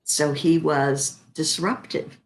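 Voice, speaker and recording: This older woman, an actress from Chicago, takes her time in a low-pitched voice while telling stories during an interview. Her anecdotes are animated, and she performs the quoted lines.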